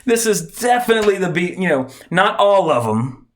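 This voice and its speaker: A man hosting a casual podcast rambles and corrects himself while setting up a segment, chuckling often. His voice is high with big pitch swings, at a normal speed.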